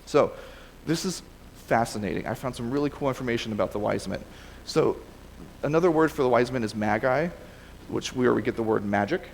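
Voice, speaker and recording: A man's voice: mid-range voice, expressive, brisk, gravelly, in a large hall, a little hiss or hum, poor audio. A man preaching a casual sermon and reading scripture aloud, talking conversationally with frequent restarts and self-corrections. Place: church sanctuary.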